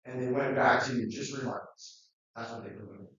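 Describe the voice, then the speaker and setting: A man's voice: mid-range voice, steady tone, normal speed, fairly bright tone. A man giving a classroom lecture in a rambling, conversational way, with many fillers and restarts. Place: lecture room. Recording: muffled, very echoey, distant.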